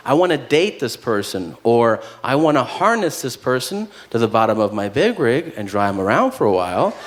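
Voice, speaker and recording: A man's voice: mid-range voice, very animated, moderate pace. A man doing a stand-up comedy set with dry storytelling, acting out both sides of conversations. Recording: noisy live comedy venue.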